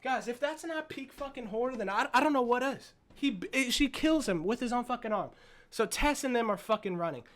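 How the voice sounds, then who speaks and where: A young man giving a casual movie review vlog, retelling the plot in an excitable, profane, rambling way. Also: very high-pitched, fairly quick.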